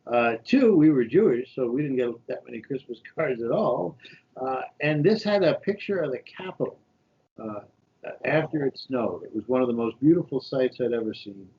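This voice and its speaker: A man in his fifties from New York, telling animated stories in an interview and acting out the quotes. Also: medium pitch, moderate pace, lo-fi sound. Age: 50s. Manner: animated anecdotal storytelling with voiced quotes. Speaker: guest, shadow senator. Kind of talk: storytelling interview.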